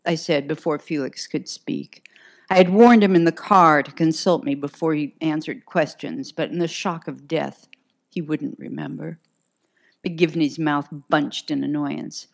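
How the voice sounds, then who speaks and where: A woman with a low voice narrates a first-person crime story. Her reading is crisp and dry, with a sardonic edge in the dialogue. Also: steady tone, a little slow. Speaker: audiobook narrator.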